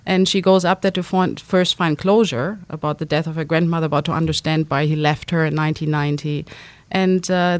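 A woman's voice: low voice, no echo. A woman novelist from Germany, talking about her book in an interview, with many fillers and restarts. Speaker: novelist guest. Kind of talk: casual interview talk.

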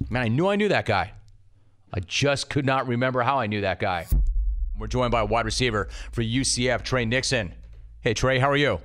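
A middle-aged man hosts a sports radio show, ranting loudly and spinning stories with acted quotes. His voice sits at an ordinary male pitch. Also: lively intonation, a little fast. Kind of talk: animated sports radio monologue and interview.

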